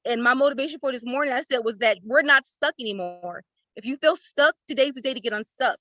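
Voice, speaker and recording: Speaking fast in a high, bright and forceful voice, a woman gives a moving, tearful gratitude testimony on a video call. She's part of an online class using a laptop or phone, and the recording is low-quality but echo-free.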